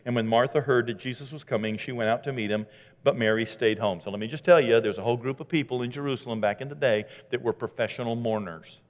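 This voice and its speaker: A man preaching a sermon in a conversational, animated way, acting out scripture quotes as he goes. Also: mid-range voice, fast. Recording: long hall reverb.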